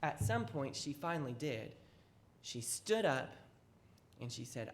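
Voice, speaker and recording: A children's lesson teacher tells a Bible story with dramatic emphasis. The voice sits at a middle pitch and rises and falls widely. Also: very animated, a little slow, long pauses, slight background noise.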